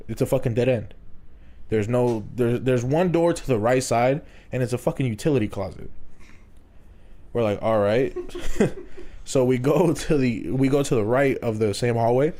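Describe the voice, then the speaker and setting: Swearing young man telling a story. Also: medium pitch. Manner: swearing, laughing, animated retelling. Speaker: podcast host. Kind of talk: casual storytelling chat.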